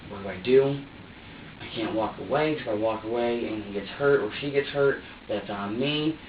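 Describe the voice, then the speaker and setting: A man's voice: mid-range voice, fairly even intonation, normal speed, distant mic, a little hiss or hum. A man under police interrogation, recounting events to detectives in a rambling way, repeating himself and acting out his own words. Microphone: far room camera. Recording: echoey, dull room recording from afar.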